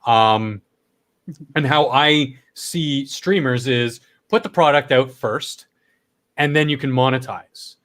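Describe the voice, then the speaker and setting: A man's voice: mid-range voice, takes it slowly, fairly bright tone. Stuffed-up, coughing male stream host. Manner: rambling, coughs, swears casually. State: stuffed up, throat worn from talking. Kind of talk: casual late-night stream chat.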